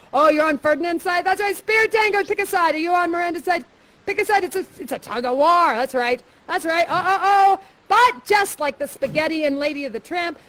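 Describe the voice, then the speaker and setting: Playful high-voiced woman directing a live show. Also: fairly bright tone. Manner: playful, theatrical, directing others, repeats "that's right". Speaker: actor guiding players through a live show. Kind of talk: interactive live theater.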